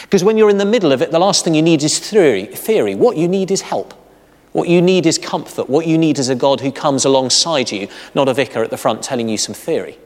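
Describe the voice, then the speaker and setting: A man in his role as vicar preaches with a lively, rising and falling voice, stressing his points through repeated phrases. His slightly high pitch carries a long reverb from the church hall around him. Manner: earnest, emphatic, building through repeated phrases. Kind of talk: sermon.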